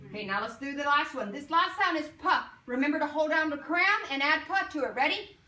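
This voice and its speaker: A woman teaches a phonics lesson to a class, stretching out each sound and prompting the children with questions. Her voice is high and bright. It is recorded from a distance in a roomy classroom with faint background noise. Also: expressive. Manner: drawn-out sounding of letters, coaxing questions.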